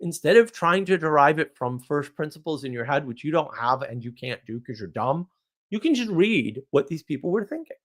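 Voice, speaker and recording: Blunt ranting man, lively pitch. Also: moderate pace. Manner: rhetorical questions answered himself. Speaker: live stream host. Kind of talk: live stream monologue.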